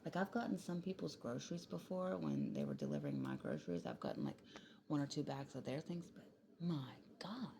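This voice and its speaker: A woman's voice: rumbling low, wildly swooping pitch, fairly quick, creaky, background noise. A tired young woman, rambling casually into her phone late at night at home, swearing freely and slipping into whispers. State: tired and yawning. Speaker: vlogger.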